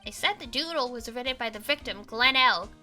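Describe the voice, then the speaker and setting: A woman voicing an eager, gruff grown male police detective who talks in a bossy, chummy way, over faint game music. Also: fairly high pitch, brisk, pushed and bright. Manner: bossy and chummy, calling people pal.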